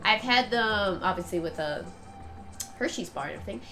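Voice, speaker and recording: Woman, game streamer, stuffed-up nose, chatty rambling commentary, medium pitch, faint music behind. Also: animated, a little fast, pushed and bright. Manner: chatty, rambling, laughs often. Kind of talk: casual gameplay commentary.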